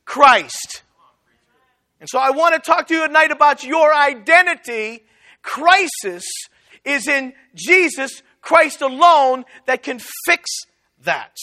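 A man preaching a sermon, telling a story and acting out both sides of the conversation. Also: extremely high pitch. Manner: animated, acts out both sides of a dialogue.

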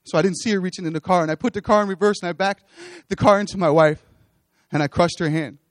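A man's voice: sits high, fast talker, no echo, studio quality. A man with children giving an earnest testimony sermon on a church stage, repeating his phrases as he builds toward exhortation. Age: adult, with children.

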